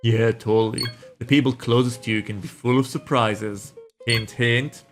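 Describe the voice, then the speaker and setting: Mellow stoner roommate, young man, drawly and dude-heavy, gamer reading. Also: medium pitch, fairly even intonation, normal speed, faint music behind, natural voice. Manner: drawling, says dude a lot. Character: laid-back young male stoner roommate.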